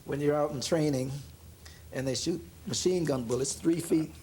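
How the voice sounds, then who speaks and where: A man, a jazz pianist being interviewed, telling a story in a relaxed way, laughing often and acting out the voices of the people in it. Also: a little high, moderate pace, a little hiss or hum. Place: room in an apartment.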